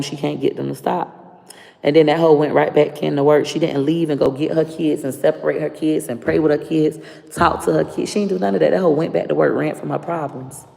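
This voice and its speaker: A woman's voice: low voice, gravelly, dark tone. A woman with a Florida accent ranting bluntly and profanely to camera. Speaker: vlogger. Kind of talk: casual rant to camera. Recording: long reverb.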